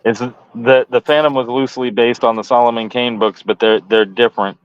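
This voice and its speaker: A man's voice: mid-range voice, fairly even intonation, brisk, clean tone, lo-fi sound. A man on a casual livestream passing along chat messages in an easygoing way. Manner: relays messages plainly, easygoing. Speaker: stream co-host reading chat.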